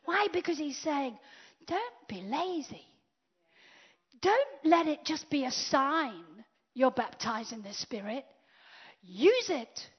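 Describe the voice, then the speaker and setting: A woman preaching a sermon, swinging from loud declarations to hushed whispers. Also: sits high, very animated, takes it slowly. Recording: dull lo-fi sound.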